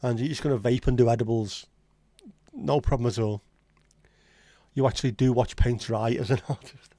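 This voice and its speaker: A man's voice: mid-range voice, steady tone, normal speed, warm tone, dry recording. Blunt Scouse man in casual chat. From Liverpool, England. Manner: blunt, sweary banter. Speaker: livestream host. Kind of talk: casual chat reading live comments.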